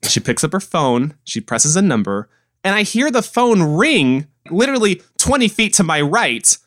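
A man's voice: high voice, sing-song, normal speed, fairly bright tone. A man in his twenties, co-hosting a podcast, ranting in casual chat with plenty of exasperated rhetorical questions. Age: 20s. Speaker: podcast co-host.

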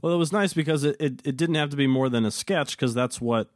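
A man's voice: mid-range voice, quick pace. Teasing young man on a podcast. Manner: dry, teasing, laughs often. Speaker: podcast co-host and comic writer. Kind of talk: casual podcast chat.

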